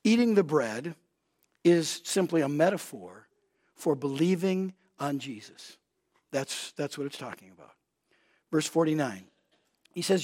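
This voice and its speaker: A middle-aged man preaching an expository sermon, earnest, repeating words as he builds emphasis and swinging from loud urgency to quiet, close reflection. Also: on the high side, expressive, normal speed.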